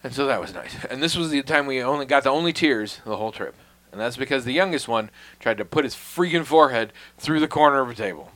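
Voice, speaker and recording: A man's voice: mid-range voice, animated, fast talker, a bit bright. A man in casual conversation, telling a long story in a wry, self-deprecating way, swearing freely and dropping to a mutter on asides.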